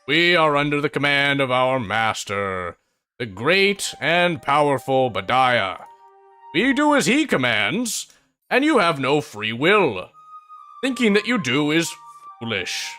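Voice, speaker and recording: A man's voice: a little high, big pitch swings, slow pace, pushed and bright, faint music behind, pitched above the performer's own voice, heavily acted. A man voicing a pair of stiff, pompous male stone golem guardians. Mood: haughty. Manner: stiff, formal.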